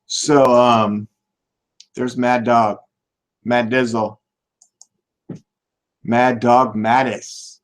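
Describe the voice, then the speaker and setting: A man hosting a live political podcast, ranting and swearing, bursting into loud shouts now and then. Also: medium pitch, little pitch movement, very slow, pauses often, a little hiss or hum.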